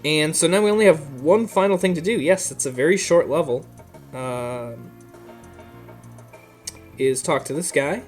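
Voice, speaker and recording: A man casually commenting on a game he is playing, with a relaxed, rambling manner and lots of filler words. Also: a little high, unhurried, pauses often, faint music behind. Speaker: let's play host.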